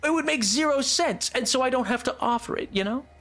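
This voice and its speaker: A young man streaming a game live, rambling and excitable, laughing often. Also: very high-pitched, brisk.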